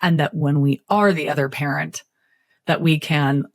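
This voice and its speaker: A middle-aged woman therapist speaking in an interview, expressive and storytelling with playful asides. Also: low voice, moderate pace, dry recording, studio quality. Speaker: therapist guest. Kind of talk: interview conversation.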